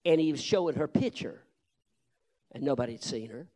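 A male preacher telling a story in a sermon, shifting from hushed murmurs to loud, fervent shouts. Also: medium pitch, animated, a little fast.

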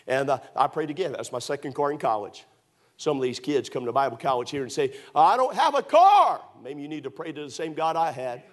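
A middle-aged man preaching a sermon, telling stories emphatically and rising to shouts. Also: medium pitch, steady tone, fast talker. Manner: emphatic, storytelling, surges to shouts. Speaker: pastor.

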